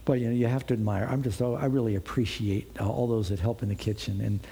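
A man's voice: on the low side, steady tone, quick pace, gravelly, mellow. A male pastor preaching through a Bible passage in a conversational way, often asking the congregation rhetorical questions. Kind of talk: expository sermon.

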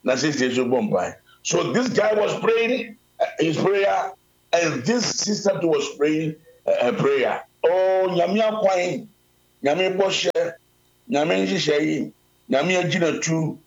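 Ghanaian preacher with dull lo-fi sound. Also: male voice, animated, slow. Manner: mixes Twi with English, swings between loud calls and low asides. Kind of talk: sermon storytelling.

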